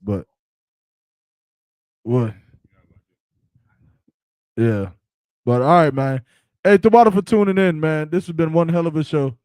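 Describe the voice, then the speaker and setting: A man's voice: fairly high pitch, expressive, a little slow, long pauses, darkish tone, no echo. A man hosting a podcast, talking loosely in slang and joking around with his co-hosts. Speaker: podcast host. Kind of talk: casual podcast chat.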